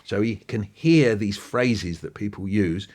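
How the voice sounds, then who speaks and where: A man, an interview guest talking with lively enthusiasm and acting out bits of what he describes. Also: on the low side, measured pace. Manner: animated, quoting and acting out passages. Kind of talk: podcast interview.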